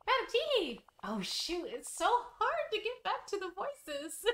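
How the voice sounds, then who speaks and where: A young woman streaming a video game, chatting in a giggly, excitable way. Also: very high voice, measured pace, a little hiss or hum. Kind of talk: casual game streaming commentary.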